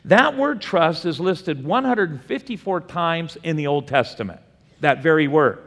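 A man's voice: fairly high pitch, expressive, measured pace, a bit bright. A man preaching a Bible study sermon, asking the room questions and answering them himself. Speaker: pastor teaching a Bible study. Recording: long hall reverb.

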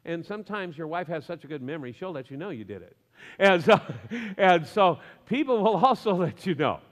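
Brief: male pastor, high voice, chatty humorous sermon, long church reverb. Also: brisk. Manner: lively, conversational preaching with humor and asides.

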